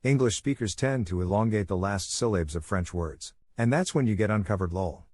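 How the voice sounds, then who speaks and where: A man's voice: lowish voice, lively intonation, fairly quick, a little mellow. A man narrating forum posts aloud, reading them plainly and lifting his voice playfully on quoted words.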